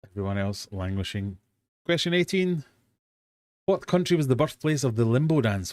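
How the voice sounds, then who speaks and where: A man's voice: mid-range voice, expressive, normal speed, a little mellow, dry recording. A British man hosting a live-stream quiz from his fish room, reading out questions and chatting with self-mocking dad jokes.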